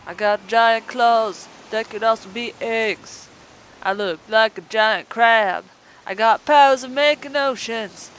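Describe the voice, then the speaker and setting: A woman's voice: a little high, takes it slowly, a bit bright, a little hiss or hum, low-quality recording. A woman voicing a vain, boastful crab-like ocean god in a let's play, bragging smugly. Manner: smug, self-admiring bragging.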